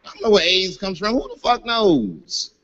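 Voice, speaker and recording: A man telling a profane stand-up comedy story with animated delivery, on dull lo-fi audio. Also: high-pitched, moderate pace. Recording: dull lo-fi audio with faint noise.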